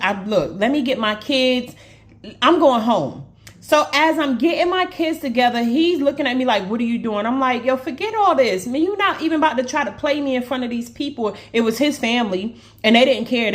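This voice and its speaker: Chatty New woman telling a story. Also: a little high. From Brooklyn, New York. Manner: animated, chatty, addresses viewers as y'all. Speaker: storyteller on social video. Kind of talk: casual storytime vlog.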